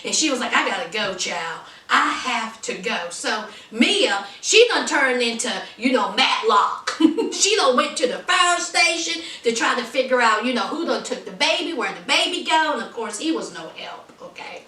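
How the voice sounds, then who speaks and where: A woman chatting through a lively, sassy recap of a TV episode, full of asides to the viewer. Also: high voice, normal speed, reverberant, recorded from a distance. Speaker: TV episode reviewer.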